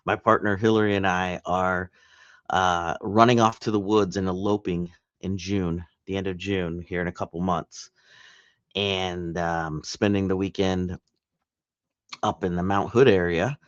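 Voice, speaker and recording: A low-voiced man rambles through a casual home vlog, circling back on his own thoughts as he goes. The recording is dull and dry, with no room sound at all. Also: steady tone, measured pace, no room sound. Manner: chatty, rambling, self-interrupting. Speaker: reselling vlogger.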